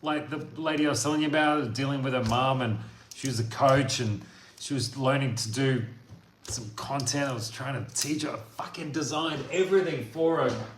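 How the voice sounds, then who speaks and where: A man delivering a blunt, profane motivational monologue as a coach, veering from loud outbursts to quiet talk. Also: mid-range voice, moderate pace. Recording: echoey room with faint noise.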